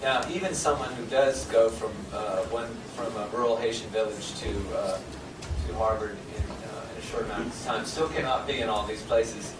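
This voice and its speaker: A man's voice: fairly low pitch, moderate pace. A man giving a self-deprecating, informal talk as a guest speaker, full of fillers and restarts. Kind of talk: informal lecture. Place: lecture hall. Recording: echoey hall from far off, noisy.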